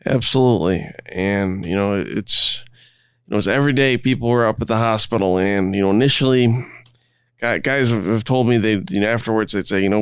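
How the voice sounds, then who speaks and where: A man, a guest, telling stories in relaxed conversation, often restarting his phrases. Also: on the low side, brisk, clean tone, no room sound. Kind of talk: conversational storytelling.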